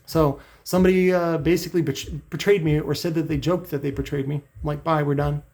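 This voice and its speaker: A middle-aged man vents in a blunt, profane vlog rant. His voice sits a bit high for a man and has a gravelly, rough edge. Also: fairly even intonation, a little fast, a little mellow. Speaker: channel host.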